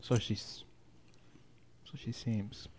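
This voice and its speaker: A man's voice: very slow, a little mellow, a little hiss or hum. A man bantering and commentating on a hot sauce challenge, joking and laughing often, and phlegmy from the sauce.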